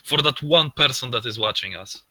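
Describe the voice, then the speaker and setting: A man's voice: medium pitch, expressive, normal speed, sharp tone, no echo. A young man co-hosting a casual gaming podcast, playful, with short jokey interjections. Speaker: co-host. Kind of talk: casual chat.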